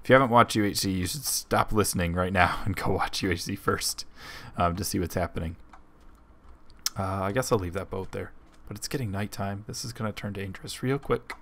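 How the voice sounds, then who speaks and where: Low-voiced man rambling over gameplay. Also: fairly quick, fairly bright tone. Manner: rambling, thinking aloud with many ums. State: hiccups. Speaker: let's play host. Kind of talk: casual gameplay commentary.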